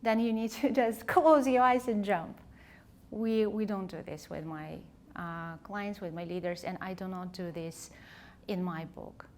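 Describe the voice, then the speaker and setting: Slow, reflective woman coach. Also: medium pitch, a little mellow, a little hiss or hum. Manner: thoughtful, heartfelt, searching for words. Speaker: leadership coach and author, interview guest. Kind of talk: reflective conversational interview.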